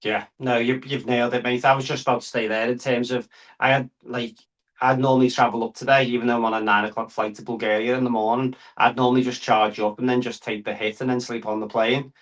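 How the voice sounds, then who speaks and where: A man joining a football podcast over a call, talking in a rambling, halting way with frequent restarts. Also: medium pitch, little pitch movement, low-quality recording. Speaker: podcast guest. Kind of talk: live football reaction chat. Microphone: remote call.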